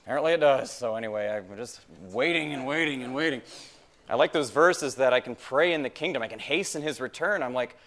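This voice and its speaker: A male pastor with a mid-range, fairly bright voice preaches at a fairly quick pace in church. His tone is conversational as he asks the congregation rhetorical questions and repeats phrases for emphasis.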